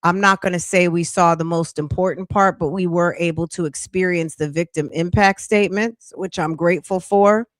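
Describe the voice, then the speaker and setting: A woman's voice: fairly low pitch, steady tone, moderate pace, hardly any pauses, no room sound, clean studio sound. A woman reacting to a court livestream as a commentary streamer, her speech rising into incredulous outbursts.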